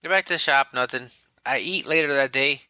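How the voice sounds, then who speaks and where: Speaking a little fast at medium pitch with no echo, this podcast guest shares his own story in casual, candid talk. He's animated and quotes both himself and other people.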